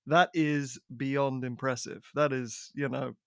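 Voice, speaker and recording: A man co-hosting a casual movie podcast with dry, deadpan quips. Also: mid-range voice, takes it slowly, creaky, smooth, no room sound. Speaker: podcast co-host.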